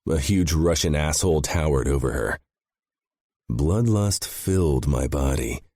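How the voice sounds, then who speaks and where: A man's voice: extremely low pitch, lively intonation, measured pace, warm tone, no room sound, clean studio sound. A man narrating a first-person audiobook with a grim, intense delivery.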